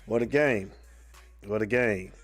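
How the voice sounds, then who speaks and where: A man hosting a live sports fan stream, a little sick and under the weather, yet still animated. He drawls out his greetings and shouts out commenters by name. Faint music plays behind him. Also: lowish voice, a little slow. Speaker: host of a live fan show. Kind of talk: casual live-stream chat, greeting viewers.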